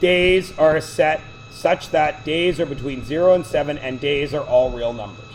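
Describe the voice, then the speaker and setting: A man's voice: on the high side, normal speed, a little hiss or hum, poor audio. A man teaching math to a class, lecturing with chatty, joking side stories. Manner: chatty, digressive, joking asides.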